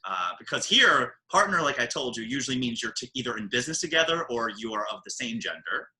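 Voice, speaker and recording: A man with a New York accent hosting a podcast in casual, animated, joking chat. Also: medium pitch, fast, poor audio. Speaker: podcast host.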